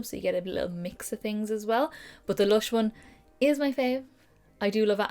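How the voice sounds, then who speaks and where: A young woman, chatting and rambling enthusiastically in a casual beauty haul vlog at home. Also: medium pitch. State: out of breath. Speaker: beauty vlogger. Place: home room with holiday decor.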